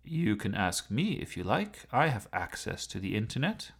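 A man's voice: on the low side, big pitch swings, moderate pace, creaky, husky, full character voice. A man voicing a haughty, witty male talking sports car with a dry, lecturing manner. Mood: wry.

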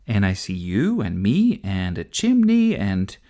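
A man's voice: lowish voice, huge pitch swings, unhurried, warm tone. A man voicing a bossy, know-it-all young girl in a storybook reading, speaking in a lecturing manner.

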